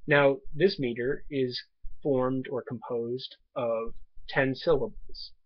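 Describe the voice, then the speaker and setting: Guy explaining something slowly into his webcam, kinda husky, dull muffled sound. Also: medium pitch, fairly even intonation, dry recording. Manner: slow, measured, with many ums and restarts. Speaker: tutor. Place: indoors at home desk. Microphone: webcam microphone.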